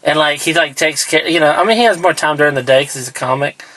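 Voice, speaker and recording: A man's voice: on the high side, fast, a bit bright, dry recording, rough recording. A man co-hosting a podcast, chatting loosely with crude jokes and frequent laughter. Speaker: podcast co-host. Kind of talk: casual chat.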